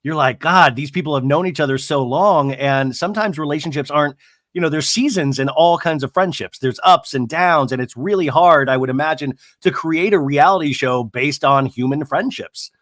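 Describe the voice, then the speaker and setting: A man's voice: a little high, moderate pace, a bit bright, dry recording, clean studio sound. A man hosting a podcast in a casual interview chat, talking chattily and with enthusiasm, with plenty of ums and uhs. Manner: chatty and enthusiastic, many fillers. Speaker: podcast host.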